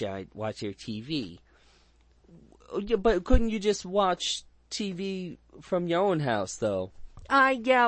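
Man host, slightly higher pitch, dry close mic, rambling crude movie banter. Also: dry recording. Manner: rambling, jokey, crude, restarts often. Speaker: podcast host. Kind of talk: casual movie review chat.

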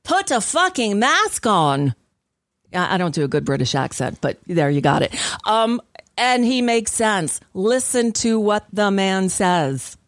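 A woman's voice: medium pitch, animated, unhurried, no echo. A woman hosting a radio talk show, chatting casually with fillers and restarts. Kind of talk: casual chat.

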